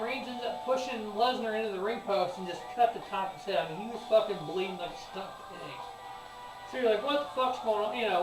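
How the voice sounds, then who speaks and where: A man talks through a wrestling event as host of his own sports show, rambling, cursing freely and getting worked up. He sits back from the mic in a roomy, echoing space. Music plays clearly behind him. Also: very high voice. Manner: rambling, profane and excitable. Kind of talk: casual wrestling event review. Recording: echoey room, distant mic, music behind.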